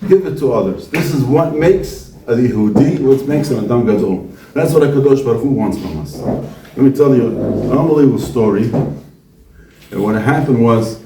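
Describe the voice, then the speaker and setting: A visiting rabbi gives a Torah talk to students, animatedly posing questions and answering them himself. His gravelly, medium-pitched voice moves at a moderate pace and sounds far from the mic in an echoey room, with a little hiss or hum.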